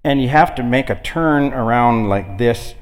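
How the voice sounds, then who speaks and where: A man's voice: medium pitch, a little slow, big-room sound. A man preaching an informal sermon, telling stories in a folksy, conversational way. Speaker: guest preacher.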